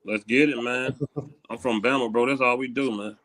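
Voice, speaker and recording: A man's voice: medium pitch, fairly even intonation, moderate pace, fairly bright tone. A man from Saint Louis chatting casually, laid-back and using country slang. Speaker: group chat participant. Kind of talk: casual chat.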